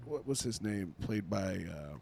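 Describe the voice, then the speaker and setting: A man co-hosting a podcast in casual chat, rambling and halting, trailing off with fillers, joking about himself. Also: lowish voice, animated, gravelly, darkish tone, slight background noise. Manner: rambling, halting, self-deprecating. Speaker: podcast co-host.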